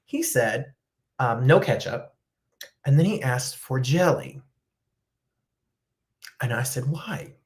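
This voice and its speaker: Chatty woman host from New Jersey, lively up-and-down delivery, rambling and casual. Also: rumbling low, slow, long pauses. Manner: animated, chatty, rambling storytelling. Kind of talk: casual chat while eating on camera.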